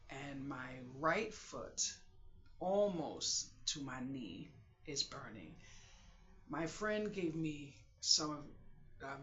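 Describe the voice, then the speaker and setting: A vlogger talking in a halting, confiding way on a late-night personal video, holding back tears. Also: mid-range voice, fairly bright tone, reverberant, lo-fi sound.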